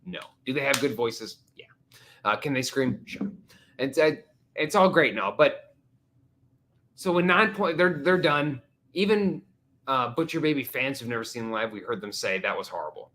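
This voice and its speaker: A man's voice: mid-range voice, moderate pace. A man hosting a casual live stream, joking around and slipping into silly voices. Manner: jokey, animated, slips into silly voices. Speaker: livestream host.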